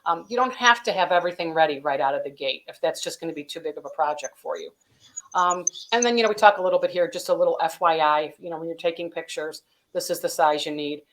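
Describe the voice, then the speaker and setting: During a business webinar interview, a woman serving as a company vice president explains practical steps in a chatty, advisory manner, using many "um" and "you know" fillers. She talks fast in a low, slightly bright voice, and the recording quality is low.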